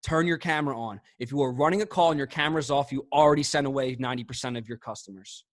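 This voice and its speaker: A man giving motivational sales coaching on a video call, emphatic and punchy, swinging between fast bursts and drawn-out words. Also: medium pitch, no echo. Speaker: sales trainer.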